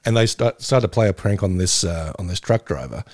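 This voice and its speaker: Gravelly, enthusiastic male podcast co-host. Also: deep voice, lively intonation, brisk, no room sound, clean studio sound. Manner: enthusiastic, giggly, nostalgic rambling. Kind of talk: casual chat.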